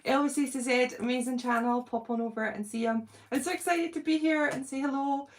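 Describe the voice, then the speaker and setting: A middle-aged British woman hosting a casual livestream, nervous and excited, chatting and greeting viewers by name. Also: sits high, a little fast. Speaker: channel host doing a livestream.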